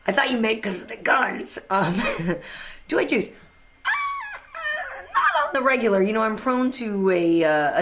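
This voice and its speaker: This is a woman hosting a live chat with fans, reading and answering their questions as they come in. She sounds relaxed and talkative, with frequent laughs and trailing fillers, and her voice sits slightly low for a woman. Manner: chatty and upbeat, laughs often, trails off with fillers. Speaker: host of a live fan chat.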